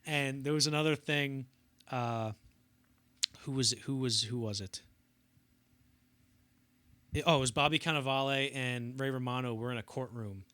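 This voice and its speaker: A man's voice: medium pitch, moderate pace, long pauses, sharp tone, clean tone, dry recording. A young man co-hosting a casual film podcast, rambling through anecdotes and acting out quotes in bursts. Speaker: podcast co-host.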